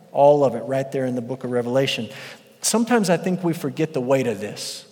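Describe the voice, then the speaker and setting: A man preaching an expository sermon as pastor, animated and building to shouts for emphasis. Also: medium pitch, a little fast. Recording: long reverb of a large hall.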